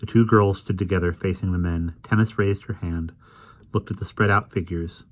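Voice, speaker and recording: A man reading a novel aloud in measured, unhurried narration. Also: sits low, fairly even intonation. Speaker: audiobook reader.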